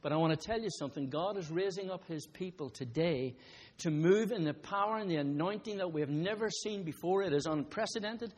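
Conversational preacher, slightly high voice. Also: male voice, brisk, long reverb tail. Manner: conversational, rising to emphatic bursts, asides to the congregation. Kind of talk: sermon with a told story.

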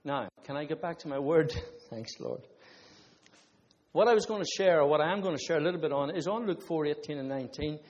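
Guy preaching in a big echoey hall, kinda high voice, chatty with the crowd. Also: quick pace, few pauses, darkish tone, highs cut off. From Ireland. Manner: conversational preaching with testimonies and asides. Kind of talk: sermon. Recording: long hall reverb.

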